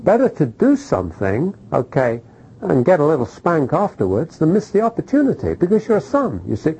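A middle-aged man preaching a sermon, animated, throwing rhetorical questions at the congregation and checking in with "okay?". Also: a little high, brisk, husky, low-quality recording.

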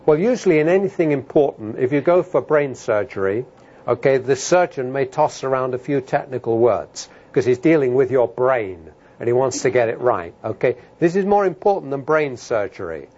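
A middle-aged man preaching a sermon, talking emphatically and building to loud, animated outbursts. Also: mid-range voice, normal speed. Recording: dull lo-fi sermon recording.

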